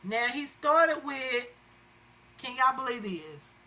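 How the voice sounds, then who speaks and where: A woman's voice: mid-range voice, slow pace, pushed and bright, poor audio. A woman chatting casually to viewers while doing her makeup. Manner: chatty, addresses viewers as y'all. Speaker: beauty vlogger. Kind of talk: casual makeup tutorial chat.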